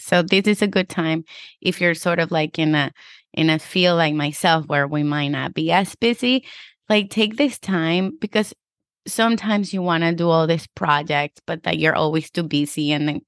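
Woman host, real estate agent, low-pitched and chatty, dry booth sound. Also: no room sound. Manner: chatty, lots of "like" and "you know". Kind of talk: casual advice chat.

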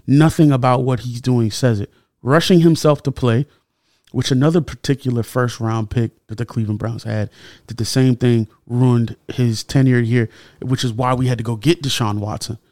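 A young man hosting a solo podcast, talking casually and with animated indignation, his voice jumping up when he gets heated. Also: medium pitch, moderate pace, dry recording, clean studio sound. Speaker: podcast host.

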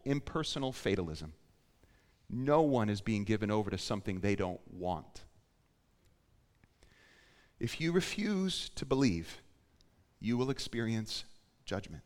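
A man preaching a sermon as pastor, moving between quiet emphasis and loud, urgent appeals. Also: medium pitch. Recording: long hall reverb.

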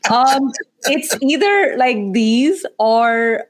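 A woman's voice: high voice, lively intonation, drawn-out words, a little hiss or hum. A woman career coach and podcast host talking animatedly in a casual panel discussion, joking and exasperated.

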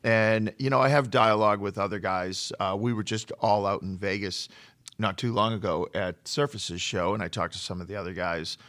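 A man who runs a flooring business tells work stories in a relaxed conversation, often repeating a word while he gathers his thoughts. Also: fairly low pitch, moderate pace, no room sound. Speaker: flooring contractor. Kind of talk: storytelling in a podcast conversation.

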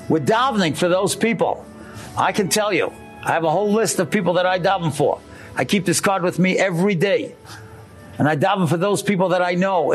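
A man preaching a sermon, telling a story earnestly and speaking straight to his listeners. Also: sits high. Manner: earnest, addresses listeners directly.

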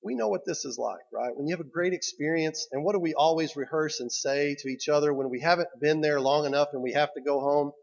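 A man with a husky, slightly high voice preaches a sermon and retells the story for his congregation. He keeps checking in with his listeners as he goes. The recording sounds dull and lo-fi. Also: fast, hardly any pauses. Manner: storytelling, drawing listeners in with "right?". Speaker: pastor.

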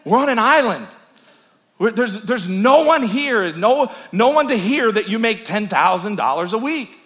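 A man's voice: high-pitched, animated, measured pace, pitched above the performer's own voice. Frantic stranded man, as a preacher puts him on. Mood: panicked. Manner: frantic, repeating himself, shouting. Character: panicking man stranded on an island.

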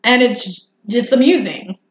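A woman's voice: a little high, expressive, a little slow, echoey room, slight background noise. A woman co-hosting a podcast, chatting casually through an episode recap, with lots of ums and laughs. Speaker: podcast co-host.

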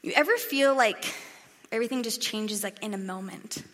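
A woman's voice: mid-range voice, normal speed. Chatty young woman preaching. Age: young adult. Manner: chatty, animated, acts out crowd voices. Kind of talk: casual sermon. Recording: echoey hall reverb.

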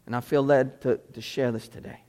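A pastor preaching a sermon with passion, moving between pleading cries and hushed intensity. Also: male voice, mid-range voice, steady tone, fairly quick. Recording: long hall reverb.

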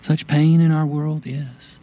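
A man preaching a sermon as pastor, slow, gentle and reflective, with long pauses. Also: fairly high pitch, level tone, poor audio.

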